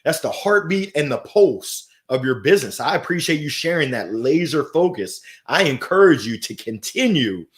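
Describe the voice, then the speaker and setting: Middle-aged man, upbeat and animated, slightly high voice, livestream host reading comments. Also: normal speed, hardly any pauses. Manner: upbeat and animated, swinging from soft to loud. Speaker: host of a weekly motivational livestream. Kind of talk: live-stream talk, reading out viewer comments.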